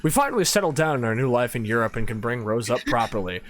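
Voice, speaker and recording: A man's voice: mid-range voice, big pitch swings, quick pace, close to an everyday voice. An actor playing a weary young husband and father weighed down by guilt, in a subdued, plain delivery. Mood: troubled. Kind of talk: video game voice acting.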